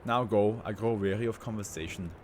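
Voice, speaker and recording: A man plays an arrogant tycoon reduced to a brain in a jar. He talks down to everyone in grand, scornful phrases, in a fairly low voice. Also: fairly quick, a little hiss or hum, lightly acted. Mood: haughty. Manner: pompous, grandiose and contemptuous.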